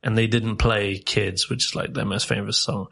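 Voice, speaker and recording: A man from South Africa and England chats as a podcast guest, spinning lively stories full of swearing and laughter. His voice is gravelly and husky, with a bright, forceful edge. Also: fairly low pitch, moderate pace. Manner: lively storyteller, swears freely, laughs often. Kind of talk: casual chat.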